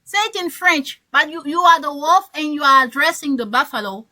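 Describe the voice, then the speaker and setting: High, bright female English coach, slow and encouraging. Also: poor audio. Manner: encouraging, repeats key phrases. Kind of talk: teaching an online class.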